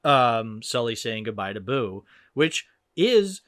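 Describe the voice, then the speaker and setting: A young man hosting a casual movie podcast, animated and swearing a bit, acting out lines as he goes. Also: medium pitch, slow pace, no echo, studio quality. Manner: animated, swearing, acts out quotes. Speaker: podcast host. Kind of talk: casual movie review chat.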